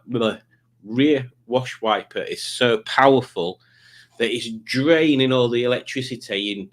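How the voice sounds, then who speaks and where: A man hosting a live quiz stream in casual chat, rambling and self-mocking as he reads out the chat. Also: medium pitch.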